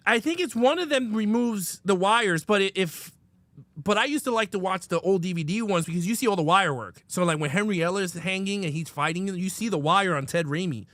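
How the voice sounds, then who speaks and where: A man with a fairly high voice, co-hosting a laid-back film review chat. He retells favorite scenes with lively, enthusiastic energy and drops casual swear words along the way. The sound is close and dry, with no room around it. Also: fairly quick, dry recording. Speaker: podcast co-host.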